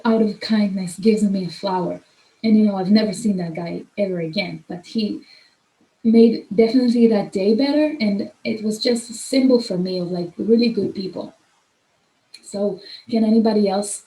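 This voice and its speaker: A woman's voice: mid-range voice, warm tone, reverberant, rough recording. A young woman with a non-native command of English hosting a casual mentoring workshop, effusive and chatty with many fillers. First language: not English. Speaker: host of a mentoring clinic. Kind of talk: casual online workshop talk.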